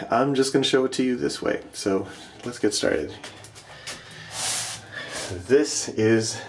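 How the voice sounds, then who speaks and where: This is casual home-tour narration from a middle-aged vlogger strolling through his house and lovingly talking about his art. The voice sits lowish, and the speech is dotted with pauses and fillers, each thought tapering off into a soft, quiet finish.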